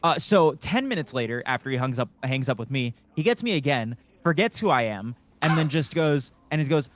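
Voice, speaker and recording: A man's voice: fairly high pitch, expressive, a little fast, few pauses, fairly bright tone, a little hiss or hum. A man chatting casually on a gaming stream, telling a long work story full of swearing and fillers. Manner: rambling storyteller, swears a lot, many fillers.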